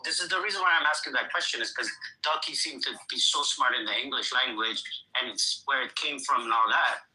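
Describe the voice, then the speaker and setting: A man's voice: medium pitch, a little fast, pushed and bright, rough recording. A man hosting a livestream, arguing heatedly, insulting and swearing and talking over the others. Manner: brash, insulting, profane, talks over others. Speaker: livestream host.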